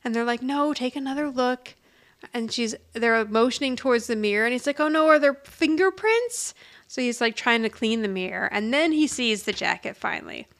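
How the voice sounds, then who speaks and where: Woman with a gravelly, fairly high voice. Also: brisk. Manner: animated retelling, acting out characters' lines with frequent laughs. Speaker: podcast co-host. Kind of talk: casual chat recapping a TV episode.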